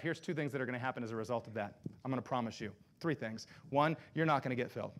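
A man's voice: medium pitch, fast. A man preaching as a pastor, talking to his congregation in a sermon full of rhetorical questions and direct address. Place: church sanctuary.

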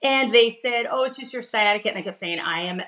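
Middle-aged woman, podcast guest; emphatic, animated storyteller, laughs often, voice on the higher side. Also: fast talker. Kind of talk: conversational storytelling interview.

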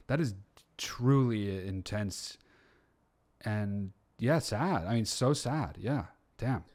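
A man's voice: on the low side, animated, slow pace, a little mellow. A man hosting a podcast in casual interview style, reacting with stunned interjections and casual swearing. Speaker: podcast host.

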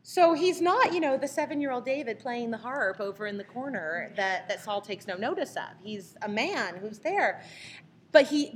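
A woman's voice: mid-range voice, slight background noise. Chatty woman leading a Bible study. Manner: animated, acts out the people in the story. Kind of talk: casual Bible study discussion.

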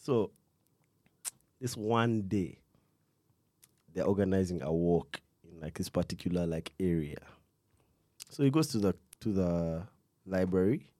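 A young man tells a true crime story in a loose, rambling way, full of slang and restarts. His voice sits low and sounds dark and mellow. It is picked up dry and close, and he stops to cough now and then. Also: expressive, a little slow, pauses often, no room sound. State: coughing fits. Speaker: podcast co-host telling a true crime story. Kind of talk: casual chat.

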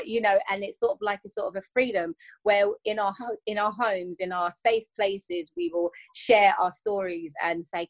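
Guest voice: earnest woman in her thirties, mid-pitched, reflective and repetitive. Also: expressive, moderate pace. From England. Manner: earnest, circles back and repeats while searching for words. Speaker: podcast guest. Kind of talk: reflective conversational interview.

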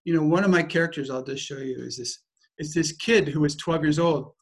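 A man's voice: a little high, fairly quick, husky. A man leading a personal growth workshop, speaking in an emphatic, repetitive way. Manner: emphatic, repetitive, circling phrasing. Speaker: workshop leader. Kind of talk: teaching a group.

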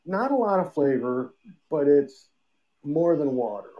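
A man's voice: on the high side, very animated, a little slow, dull audio. A man co-hosting a casual podcast chat, loose and rambling, swearing and joking, with the hiccups. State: has the hiccups. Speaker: podcast co-host.

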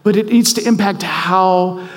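High-voiced man preaching in a reverberant hall. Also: unhurried. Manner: conversational, self-deprecating, emphatic. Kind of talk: sermon.

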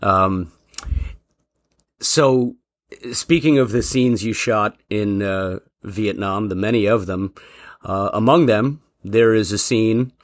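A man hosting an interview who asks long, halting questions full of fillers. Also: on the low side, dry recording, clean studio sound. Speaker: podcast host.

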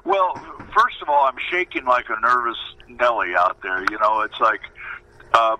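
A man in his seventies, a former pitcher, telling a story animatedly in a radio interview, acting out other people's voices. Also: slight background noise, low-quality recording. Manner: lively storyteller, acts out quoted voices. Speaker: former baseball pitcher, guest.

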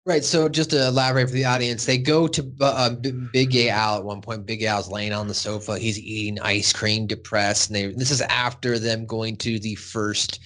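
A man hosting a casual podcast, retelling scenes with lively energy. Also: lowish voice, normal speed, few pauses. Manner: animated, acts out cartoon voices while retelling scenes. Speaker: podcast host.

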